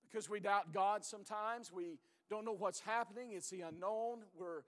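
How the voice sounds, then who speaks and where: A middle-aged man preaching a sermon as pastor, earnest and hoarse, often sinking to a low, intense voice and repeating his words. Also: normal speed, a bit bright, in a large hall.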